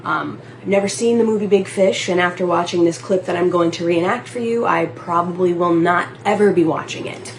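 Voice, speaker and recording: A woman's voice: lowish voice, brisk, hardly any pauses, poor audio. A woman introducing her comedic video from a laundry room in a breezy, offhand way. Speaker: video contributor.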